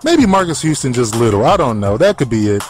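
A man's voice: medium pitch, sing-song, quick pace, music in the background. A man giving a casual, profane, sarcastic comedic recap of a film. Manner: profane, sarcastic, joking asides. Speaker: movie recap commentator.

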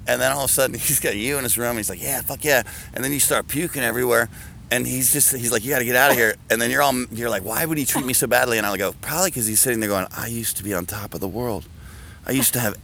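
Gravelly, profane man riffing. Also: medium pitch, a little hiss or hum. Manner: profane, animated storyteller acting out voices. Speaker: podcast guest. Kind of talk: casual podcast chat.

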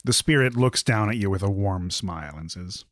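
A man running a tabletop game as game master, narrating casually with lively delivery. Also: fairly low pitch, moderate pace.

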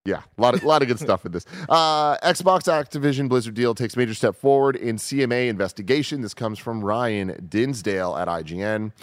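A man's voice: mid-range voice, brisk, few pauses, dry recording, clean studio sound. A man co-hosting a gaming news show, reading stories and chatting casually, swearing freely. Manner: relaxed, swears freely, laughs while reading.

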